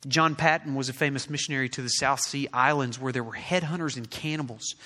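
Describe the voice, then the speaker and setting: A man's voice: medium pitch, a little fast, few pauses, pushed and bright. A man preaching a sermon as pastor, building his delivery to emphatic peaks. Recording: long reverb of a large hall.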